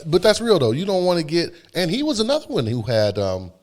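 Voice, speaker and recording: A man's voice: fairly high pitch, big pitch swings, fairly quick. A man co-hosting a podcast in casual chat, loose and slangy, cursing freely and laughing easily. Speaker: podcast co-host.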